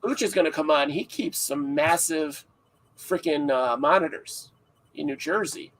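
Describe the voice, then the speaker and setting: A man's voice: on the high side, unhurried, a bit bright, rough recording. A man hosting a casual livestream podcast, rambling and joking with frequent laughs, sounding tired. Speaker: podcast host.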